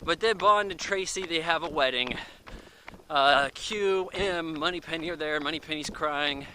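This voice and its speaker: A man giving a casual, rambling movie review, full of fillers and quick acted-out asides, recorded outdoors near traffic. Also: a little high, pushed and bright, rough recording.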